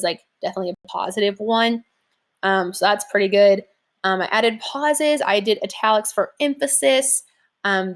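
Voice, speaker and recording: A young adult woman teacher giving a casual recorded lesson from home, chatty and informal, with many fillers. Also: medium pitch. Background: leaf blower outside.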